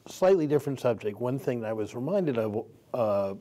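A man's voice: medium pitch, expressive, fairly quick, warm tone. A man in his sixties moderating an onstage Q&A, asking rambling questions full of restarts and fillers. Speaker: panel moderator. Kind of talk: onstage Q&A conversation. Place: theater stage before an audience.

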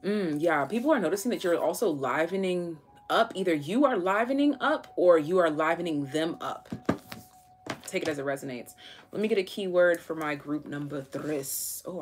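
A woman with a low voice reads tarot on a live stream in a loose, chatty way. She fills her talk with fillers and drops casual curses as she goes. A faint hiss of noise sits under the recording. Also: lively intonation, normal speed. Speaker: tarot reader.

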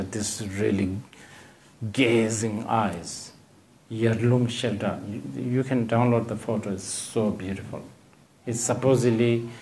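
A man giving a dharma talk as a Buddhist teacher. He rambles, hunts for words, and fills the gaps with "you know," with gently humorous asides. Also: mid-range voice. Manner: digressive, searching for words, frequent "you know".

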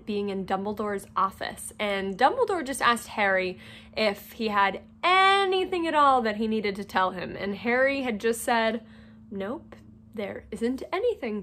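A woman's voice: fairly high pitch, unhurried, pushed and bright, a little hiss or hum. A woman teacher reading a novel aloud to her class, with friendly casual asides.

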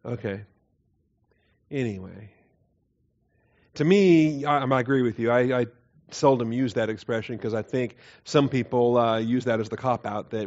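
A man teaching a Bible doctrine class in a conversational way, with frequent fillers, quiet chuckles and questions to the room. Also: mid-range voice, normal speed, pauses often. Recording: dull lo-fi class recording.

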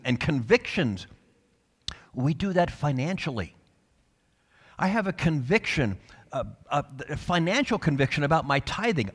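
A male pastor preaching a sermon with passion, dropping to soft tones and then rising to loud calls. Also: fairly high pitch, in a large hall. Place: church sanctuary.

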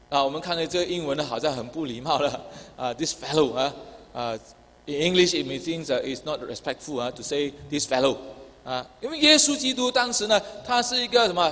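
High-voiced man preaching in a reverberant hall. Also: a bit bright. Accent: Chinese. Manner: repeats each point in English after Chinese, many filler "ah" sounds. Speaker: pastor. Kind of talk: bilingual sermon, Chinese with English interpretation. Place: church hall.

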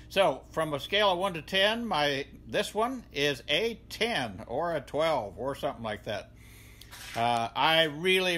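An older man with a Southern accent giving a rambling, folksy tour of his home garage workshop, pausing often with "uh". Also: a little high, bright, forceful tone. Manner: rambling, folksy, many "uh" pauses. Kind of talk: casual tool tour.

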